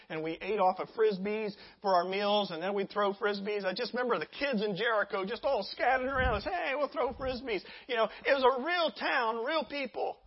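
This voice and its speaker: A pastor preaching a sermon in a lively, conversational way, asking the congregation questions and acting out scenes. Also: medium pitch, highs cut off. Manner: animated, conversational, acts out scenes.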